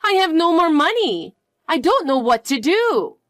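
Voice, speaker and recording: A woman's voice: extremely high pitch, big pitch swings, unhurried, fairly bright tone, dry recording, clean studio sound, voice pushed up, full character voice. A woman voicing a selfish older mother-in-law who whines and pleads. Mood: whining. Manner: whiny and pleading.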